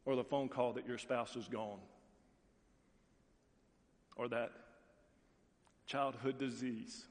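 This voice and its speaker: Folksy pastor preaching in a reverberant hall. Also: male voice, medium pitch, slow. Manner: storytelling, animated quoted voices, folksy asides. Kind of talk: sermon. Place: church sanctuary. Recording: long reverb of a large hall.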